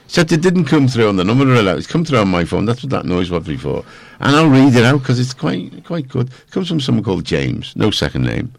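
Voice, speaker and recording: Deep raspy-ish radio guy rambling and cracking jokes, dry studio mic. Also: very animated, fairly quick, few pauses, no room sound. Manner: rambling, jokey, self-mocking. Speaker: radio host. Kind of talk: casual radio chat.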